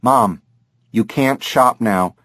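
A man's voice: medium pitch, slow pace, a bit bright, no echo, studio quality. A man reading an audiobook, voicing a worried adult son who speaks earnestly and firmly to his mother. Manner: earnest, pleading.

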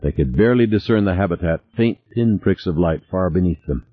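A man with a very low voice narrates a novel, his pitch swinging widely as he reads. The recording is dry and a little muffled, close to the mic. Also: brisk. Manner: dramatic, expressive reading. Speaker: audiobook narrator. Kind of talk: scripted narration.

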